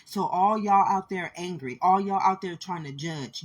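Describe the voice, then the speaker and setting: A woman's voice: on the low side, normal speed, few pauses, breathy edge. A woman giving an impassioned spiritual monologue, speaking intensely and repeating her points as she addresses listeners directly.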